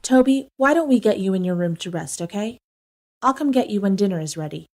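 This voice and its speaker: A woman playing a grieving mother in a horror audio story, speaking softly with a strained calm. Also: mid-range voice, a little fast, a little hiss or hum, natural voice. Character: weary grieving mother, gentle and tense.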